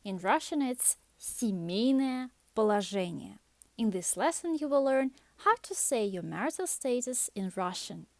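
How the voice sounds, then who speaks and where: Woman calmly explaining grammar. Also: on the high side, unhurried, no echo. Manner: calm explanatory reading of grammar rules. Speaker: language teacher. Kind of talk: scripted language lesson.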